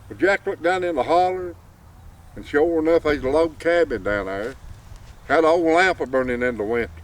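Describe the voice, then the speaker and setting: A man's voice: on the high side, brisk. A man telling a folk tale in a folksy drawl. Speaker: storyteller. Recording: distant mic, faint outdoor noise.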